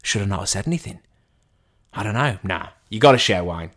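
A man telling a casual story as a monologue, animated and chatty, with a self-deprecating tone and frequent restarts. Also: lowish voice, a little fast. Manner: animated, acts out quoted dialogue in a raised voice.

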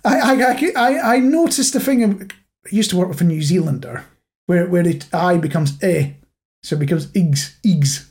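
A man's voice: sits high, normal speed, darkish tone. A man co-hosting a podcast in casual chat, rambling and self-mocking as he tells stories. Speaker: podcast co-host.

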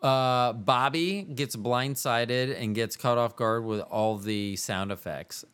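A man hosts a casual solo podcast, speaking slowly in a smooth, fairly bright, medium-pitched voice. His monologue is rambling and self-mocking, drifting from one aside to the next and jumping between voices.

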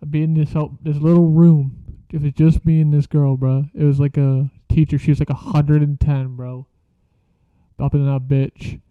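A man's voice: fairly high pitch, little pitch movement, moderate pace, smooth, dry recording. A young man casually telling a story from school, slangy and profane, laughing as he goes. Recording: dull lo-fi sound.

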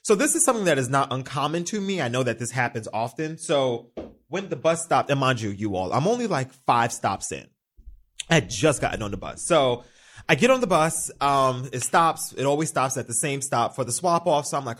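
A man hosting his own podcast, telling a story in a casual, campy, animated way with frequent swearing. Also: medium pitch, fairly quick. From New York. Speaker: podcast host. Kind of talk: casual solo podcast chat. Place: studio.

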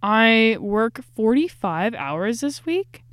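Young woman, podcast host, chatty and slangy, tired, smooth mid voice, dry closet recording. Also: a little high, sing-song, slow, dry recording. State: tired and stressed. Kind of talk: casual food review podcast. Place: small closet. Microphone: podcast microphone.

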